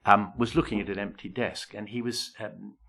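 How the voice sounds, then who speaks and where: An older English actor telling a rambling, halting anecdote as an interview guest. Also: male voice, lowish voice, steady tone, gravelly, fairly bright tone. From England. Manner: rambling, halting storyteller who acts out quoted voices. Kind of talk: anecdotal storytelling.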